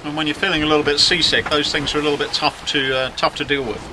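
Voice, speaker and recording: A man's voice: on the high side, flat delivery, fast talker. A middle-aged man chatting wryly in a casual video diary from the deck of a sailing yacht at sea. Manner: chatty, wry, self-mocking. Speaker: yacht skipper vlogging at sea. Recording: wind and wave noise on deck.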